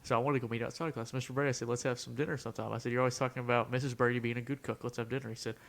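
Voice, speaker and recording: A man's voice: mid-range voice, very fast, creaky. Young man telling stories animatedly. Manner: animated storyteller, acts out quotes, says "bro" and "dude". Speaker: podcast co-host. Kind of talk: casual storytelling chat.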